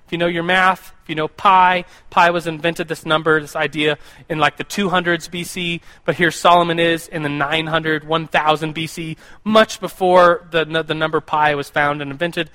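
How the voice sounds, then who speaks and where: A young American man talks through a casual sermon to a group. His voice sits high and sounds bright and forward. He rambles, stumbles over repeated words and keeps turning to the listeners with questions. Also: flat delivery, moderate pace. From United States. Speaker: youth pastor or Bible teacher.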